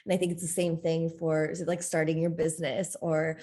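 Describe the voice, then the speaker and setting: A woman with a slightly low-pitched voice talks candidly as a guest in a conversational interview. She is open and expressive and laughs often as she shares. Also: brisk. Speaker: podcast guest, coach.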